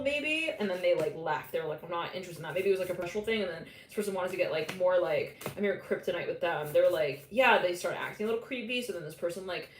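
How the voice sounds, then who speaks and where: A woman giving a live psychic tarot reading in a rambling, loose way, full of "like" fillers and quick quoted voices. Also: mid-range voice, a bit bright. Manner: rambling, many "like" fillers, quotes imagined people, laughs often. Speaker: tarot reader. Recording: echoey room with faint background noise.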